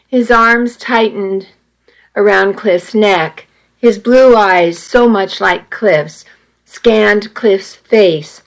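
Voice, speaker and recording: In an audiobook, a woman narrates a first-person story slowly, measured and earnest, her pitch in the middle range. The recording is rough.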